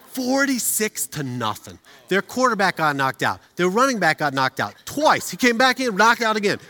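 A middle-aged man preaching a sermon as a pastor, telling stories with humor and animated delivery. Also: on the high side. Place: church auditorium. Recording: reverberant hall.

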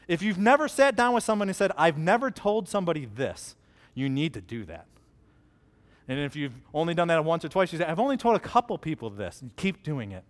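Preacher, male, 30s, high voice, earnest and direct, conversational sermon. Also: fairly bright tone.

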